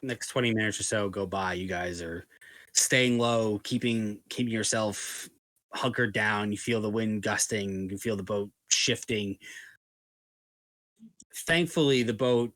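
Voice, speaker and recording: Low-voiced man narrating as game master. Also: a little slow, fairly bright tone, dry recording. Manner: descriptive, loose, filler-heavy.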